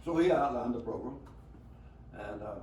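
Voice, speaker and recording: Older Southern man, 90s, rambling storyteller with chuckles; mid-pitched voice, recorded from a distance. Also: animated, moderate pace, darkish tone. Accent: Southern American. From rural Alabama. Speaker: veteran being interviewed. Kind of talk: storytelling interview. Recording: roomy, from a distance, faint background noise.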